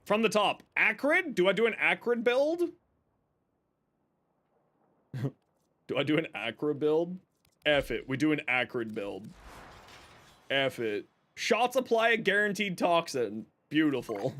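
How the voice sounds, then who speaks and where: A man's voice: fairly high pitch, very animated, measured pace, pauses often, fairly bright tone. A male streamer chatting casually to his viewers while playing, rambling and joking at his own expense. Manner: rambling, self-mocking, talks to chat. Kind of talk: casual gaming livestream chatter.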